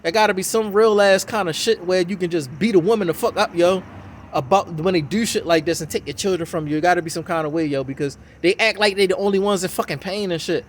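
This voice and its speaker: A man's voice: high voice, fast, a little hiss or hum. A man giving a heated, swearing, mocking reaction commentary on a video. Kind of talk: profane ranting reaction commentary.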